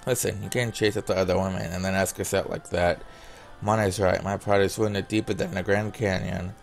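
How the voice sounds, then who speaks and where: Deep gravelly guy reading a visual novel out loud over faint music, throws in his own comments. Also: level tone, a little fast. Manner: reads all the character lines in a plain voice, breaking off for casual comments. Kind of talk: reading game dialogue aloud with asides.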